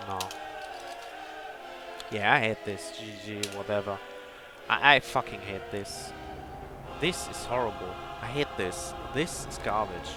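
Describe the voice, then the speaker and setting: A young man giving game commentary, complaining angrily and swearing at his opponent. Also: fairly low pitch. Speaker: gaming commentator.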